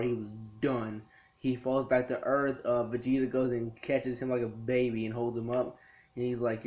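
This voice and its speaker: A man's voice: medium pitch, darkish tone, dull audio. A man casually reviewing anime episodes in his room, rambling and acting out characters' lines. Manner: rambling, acts out characters' lines in quick bits. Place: his own room lit by a TV.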